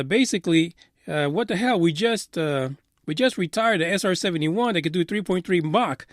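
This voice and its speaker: A man's voice: high-pitched, dry recording. Ranting sarcastic man, dry close mic. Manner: frequent "uh" fillers. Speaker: radio news show host. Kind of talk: casual commentary.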